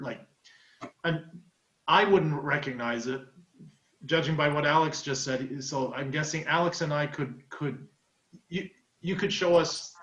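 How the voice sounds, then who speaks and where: A man's voice: on the high side, a bit bright. A man co-hosting a casual video call chat, curious and asking short questions. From Germany. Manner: curious, asks short questions, repeats himself. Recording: roomy, dull lo-fi sound.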